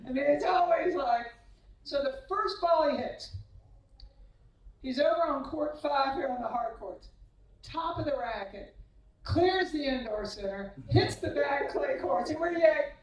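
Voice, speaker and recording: A woman's voice: high voice, lively intonation, a little slow, darkish tone. A woman tennis coach giving a humorous banquet speech, teasing former players with anecdotes and acting out their voices. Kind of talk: humorous after-dinner speech. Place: banquet hall at a club. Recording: echoey banquet hall, mic from a distance.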